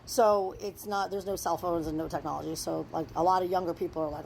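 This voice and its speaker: A woman's voice: fairly low pitch, fast, creaky, slight background noise. Chatty young woman. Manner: chatty and rambling, swears freely, animated retelling. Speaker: storyteller vlogger. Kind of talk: casual storytime vlog.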